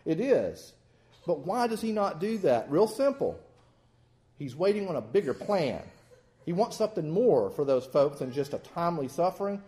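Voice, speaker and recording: Man, preacher, sermon, folksy, animated, high-pitched. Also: normal speed. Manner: folksy, animated, self-deprecating humor.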